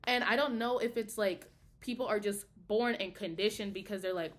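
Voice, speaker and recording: A woman's voice: on the high side, moderate pace. A young woman, a college student, talking heatedly and profanely in a casual video diary. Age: young adult. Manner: heated, profane, emphatic ranting.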